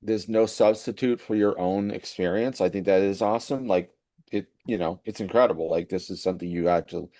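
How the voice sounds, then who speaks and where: A man on a casual faith talk, calmly giving his own opinion. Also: low voice, fairly quick, no echo. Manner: thoughtful, offering opinion. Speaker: co-host.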